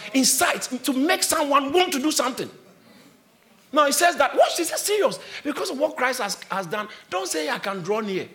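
High-voiced man preaching. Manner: preaching with bursts of shouting and laughter. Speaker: pastor. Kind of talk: sermon.

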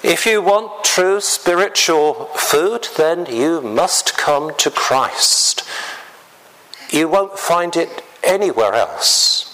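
Slow, lively preaching man. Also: mid-range voice, rough recording. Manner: slow, deliberate preaching with clearing of the throat. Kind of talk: sermon.

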